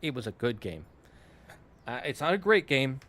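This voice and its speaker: Young male streamer, loose rambling chat with restarts, mid-pitched voice. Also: sing-song, normal speed, fairly bright tone, a little hiss or hum. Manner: rambling, self-correcting, talks in asides to chat. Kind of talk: casual chat to a live stream.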